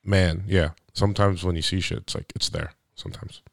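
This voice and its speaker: A man's voice: low-pitched, fairly even intonation, brisk, creaky, background noise. A young man chatting on a casual podcast, telling rambling, profane stories packed with "like". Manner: rambling, profane storytelling full of "like".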